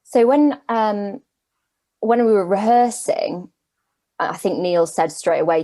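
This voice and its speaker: An actress answering interview questions about her role over a video call, chatty and lively, laughing now and then. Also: mid-range voice, slow pace, no echo. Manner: lively, laughs while explaining.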